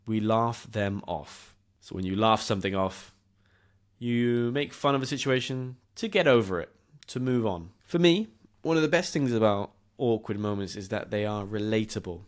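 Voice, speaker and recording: A young man from southern England hosts an English-learning podcast, telling a story about himself. His voice sits on the low side, and he talks in an animated, self-deprecating way, often laughing at his own blunders. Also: moderate pace. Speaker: podcast host.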